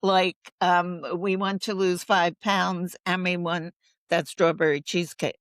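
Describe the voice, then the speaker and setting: A woman's voice: fairly low pitch, flat delivery, measured pace, no echo. A woman guest in a conversational interview, talking earnestly and thoughtfully and expanding her points with personal stories.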